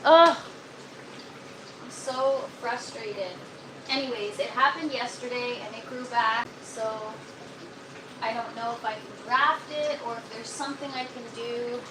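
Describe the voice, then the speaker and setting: Exasperated woman livestreaming, slow and noisy. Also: a little high. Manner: groaning, exasperated, talks to viewers. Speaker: gardening livestreamer. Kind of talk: casual live-stream chat. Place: indoor grow tent. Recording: noticeable steady background noise.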